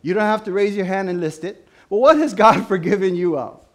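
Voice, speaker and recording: A man preaching a sermon to his church, with an animated style that rises to loud, emphatic questions. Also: high-pitched, brisk. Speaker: pastor.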